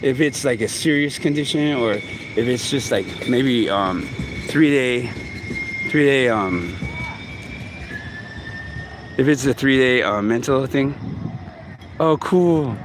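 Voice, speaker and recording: A man in his forties talks to his camera outdoors in a loose, halting ramble, often restarting his sentences. His voice sits mid-range, and faint city traffic hums behind him. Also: mid-range voice. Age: 40s. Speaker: vlogger. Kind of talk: casual talk to camera.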